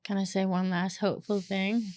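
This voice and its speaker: A woman hosting a podcast in casual chat, earnest and animated, with plenty of swearing. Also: medium pitch, normal speed, no echo. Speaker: podcast host.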